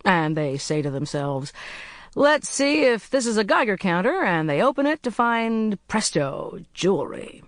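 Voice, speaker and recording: A narrator voicing a cheerful, brisk young male agent in an audiobook. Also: medium pitch, sing-song, dry recording, clean studio sound, pitched above the performer's own voice. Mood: breezy. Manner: brisk, blithe, chatty. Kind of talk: audiobook character voice.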